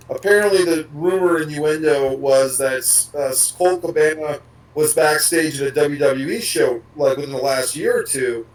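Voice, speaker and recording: A man's voice: a little high, distant mic, low-quality recording. A man co-hosting a podcast, rambling casually and swearing now and then. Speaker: podcast co-host.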